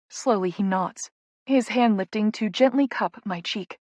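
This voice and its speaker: A woman's voice: mid-range voice, measured pace, a little mellow, dry recording, clean studio sound. A woman narrating a first-person audiobook in an intimate, emotional inner-monologue manner.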